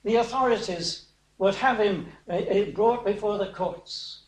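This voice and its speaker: A man preaching a sermon that retells a Bible story. He often pauses on fillers and asks his listeners rhetorical questions. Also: high-pitched, roomy sound, low-quality recording.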